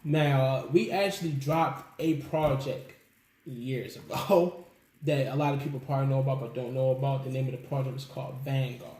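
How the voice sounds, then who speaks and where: A man telling stories as a guest in a casual interview, animated, laughing often and acting out what people said. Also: mid-range voice, moderate pace. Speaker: musician guest. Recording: echoey room with faint background noise.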